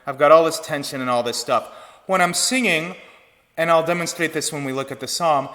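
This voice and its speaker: A man's voice: medium pitch, moderate pace. Man teaching choir technique in a hall. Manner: relaxed teaching talk with sung demonstrations. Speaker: choir director. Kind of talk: online vocal technique lesson.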